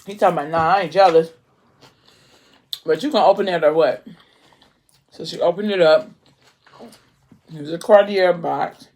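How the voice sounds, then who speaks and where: Young adult female book vlogger, animated storyteller, casual chat. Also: lowish voice, normal speed, long pauses. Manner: animated retelling, acting out the characters.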